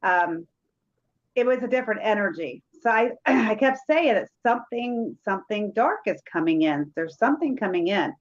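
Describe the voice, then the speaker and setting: A woman's voice: medium pitch, lively intonation, normal speed. Woman rambling through a story, lo-fi. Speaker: paranormal investigator. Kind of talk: casual chat. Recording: dull lo-fi sound.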